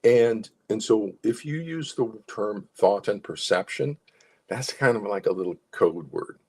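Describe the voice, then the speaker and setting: A man's voice: lowish voice, animated, a little slow, husky. A man, a psychologist consultant, gives clients informal advice and coaching, explaining step by step and repeating key phrases.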